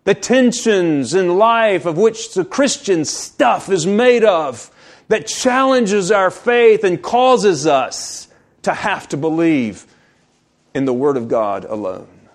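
A man preaching a sermon, reading scripture aloud and explaining it, slowing down to stress key words. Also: high voice, expressive. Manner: reads scripture aloud, then explains it with emphasis. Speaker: pastor.

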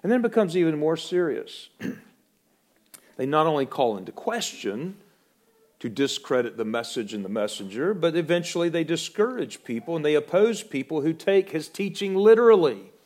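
Preacher, male, slightly high voice, emphatic sermon delivery that rises loud and drops to a hush. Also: very animated, normal speed. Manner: emphatic, swinging between loud proclamation and hushed warning. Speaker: pastor. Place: church.

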